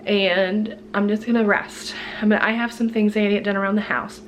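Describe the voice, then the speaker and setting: A vlogger with a medium-pitched voice talks a little fast over slight background noise, casually walking through her grocery haul at home. She's chatty and worn out from being sick, running through prices in a lively way and laughing often.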